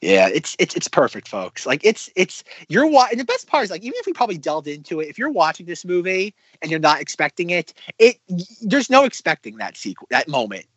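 A man co-hosting a casual film podcast, talking excitedly with lots of fillers and restarts. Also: on the high side, brisk, few pauses, breathy edge, dry recording. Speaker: podcast co-host.

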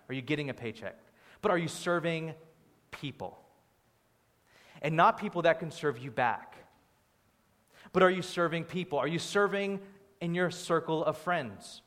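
With a slightly high voice echoing through a long, sanctuary-like hall reverb, a young male pastor delivers an animated, conversational sermon peppered with playful asides.

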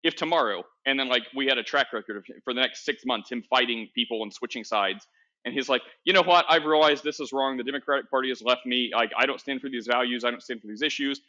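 A man's voice: mid-range voice, fast, sharp tone. A man hosting a podcast in casual chat, rambling with many restarts and laughing at himself. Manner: rambling, self-correcting, laughs often. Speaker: podcast host. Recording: dull lo-fi sound.

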